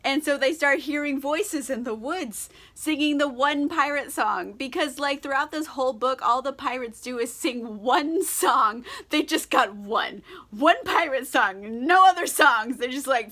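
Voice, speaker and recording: A woman's voice: sits high, unhurried, pushed and bright. A tipsy woman vlogger recapping a book in a casual, rambling, irreverent way, swearing and giggling.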